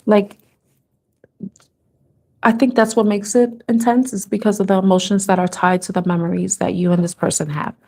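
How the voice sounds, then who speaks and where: A woman's voice: medium pitch, level tone, moderate pace, long pauses, warm tone. A woman giving a live tarot reading to camera, talking in a tender, rambling way and growing emotional as she reads. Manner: tender, rambling, moved to tears at times. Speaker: tarot reader.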